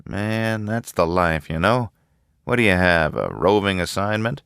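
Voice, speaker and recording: A man's voice: low voice, animated, a little slow, fairly bright tone, clear, resonant tone, dry recording, studio quality, full character voice. A man doing a bitter, weary young architect. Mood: envious.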